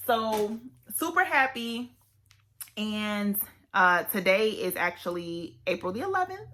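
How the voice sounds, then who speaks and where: A young woman telling a story to her vlog viewers in casual, animated chat full of fillers. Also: mid-range voice, measured pace. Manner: animated, chatty, many fillers. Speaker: vlogger.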